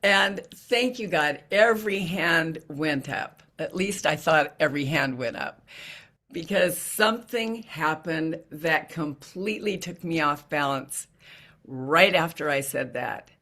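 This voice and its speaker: A woman's voice: low voice, expressive, slow. A middle-aged woman giving a heartfelt storytelling talk as an inspirational speaker. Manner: earnest, heartfelt, softening to hushed.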